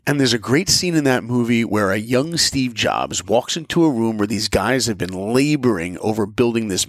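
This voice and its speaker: A man's voice: fairly low pitch, dry recording, studio quality. A man hosting a motivational podcast, talking earnestly and telling personal stories. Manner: earnest, storytelling with acted-out quotes. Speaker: podcast host.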